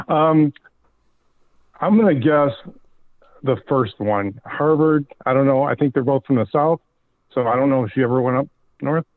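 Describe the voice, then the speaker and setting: A man's voice: mid-range voice, expressive, a little slow, long pauses, no room sound. A male caller guesses at a quiz answer, chuckling and a little unsure. His voice comes through a thin, phone-like line with a dry sound. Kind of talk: casual chat.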